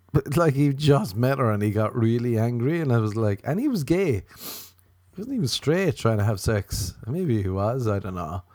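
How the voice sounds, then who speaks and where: Man with a low voice, rambling crude comedy. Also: no room sound, studio quality. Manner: animated, jumps into high mocking voices for quoted people; crude, self-mocking. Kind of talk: rambling comic monologue.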